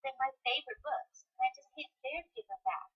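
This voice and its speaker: A woman voicing a chirpy young schoolgirl in a high, girlish voice, recorded on a computer microphone. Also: fairly quick, lo-fi sound, natural voice. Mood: pleading.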